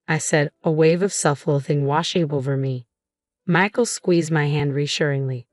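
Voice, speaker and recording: Low-voiced woman narrating a story. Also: steady tone, moderate pace, no room sound, clean studio sound, soft background music. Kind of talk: scripted first-person narration.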